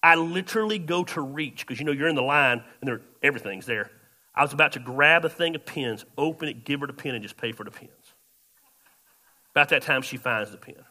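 A man pastor, telling a story in a sermon, shifting between loud outbursts and quiet asides. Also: mid-range voice, animated, a little fast.

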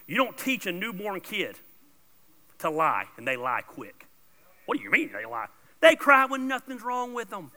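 A man preaching a sermon as pastor, blunt and informal, swinging between loud emphatic bursts and soft asides. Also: sits high, animated, moderate pace. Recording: long reverb of a large hall.

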